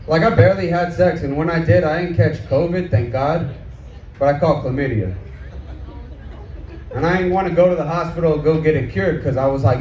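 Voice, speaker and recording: A male stand-up comedian performs outdoors, chatty and crude, swapping questions with the audience. His voice is on the high side and a little fast, with a darkish tone. The recording sounds echoey, distant and dull, with faint background noise.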